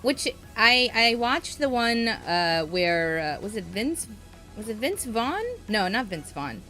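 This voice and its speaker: A young woman co-hosts a casual podcast, bubbly and quick to giggle. Her pitch swings widely as she talks, and she often trails off mid-thought. Faint music plays behind her. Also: very animated, bright, forceful tone. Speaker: podcast co-host. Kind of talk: casual chat.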